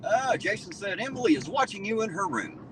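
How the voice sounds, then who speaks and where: A man with a southern Ohio accent hosting a casual live stream from his car, loud and joking, reading out chat and swearing freely. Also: sits high, sing-song, a little fast, a little hiss or hum, poor audio. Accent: southern Ohio, Appalachian-tinged. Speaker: livestream host. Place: in a car at night.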